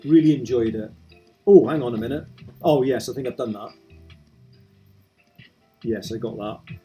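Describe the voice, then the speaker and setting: A man's voice: mid-range voice, moderate pace, mellow, soft background music. A man commenting casually while playing through a video game, gushing with effusive reactions.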